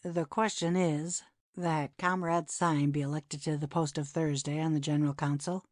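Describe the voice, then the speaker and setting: A woman's voice: low-pitched, fairly even intonation, normal speed, darkish tone, voice pushed down, lightly acted. A woman reading an audiobook, voicing a male committee chairman who speaks in a clipped, mechanical way.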